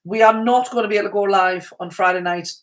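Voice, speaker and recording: A middle-aged woman co-hosting a casual live stream. She tells a long story in a chatty, easygoing way and keeps breaking into laughter. Her voice sits at an ordinary pitch for a woman. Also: fast talker. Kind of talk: casual chat.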